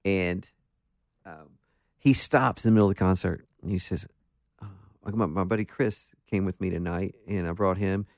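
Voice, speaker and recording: Guest, male, deep voice, dry close sound, animated self-deprecating storyteller in a casual interview. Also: normal speed, dry recording. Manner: animated, self-deprecating anecdotes with many restarts. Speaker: guest musician.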